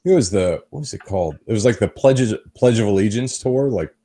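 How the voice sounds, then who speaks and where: Deep-voiced man in his thirties. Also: lively intonation, fairly quick, warm tone, breathy edge. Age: 30s. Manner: rambling storyteller, swears freely. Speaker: podcast host. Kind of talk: casual chat.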